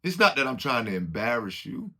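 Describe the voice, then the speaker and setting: A man's voice: mid-range voice, sing-song, brisk, pushed and bright. A man giving an informal, preachy motivational talk, acting out what other people say as he goes. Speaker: motivational speaker.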